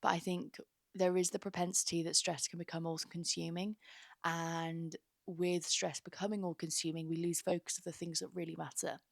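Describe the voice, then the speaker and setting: A woman's voice: on the low side, flat delivery, normal speed, vocal fry, no room sound, studio quality. A young woman hosting her own podcast, talking earnestly and rambling with lots of fillers. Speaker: podcast host. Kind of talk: casual heartfelt podcast monologue.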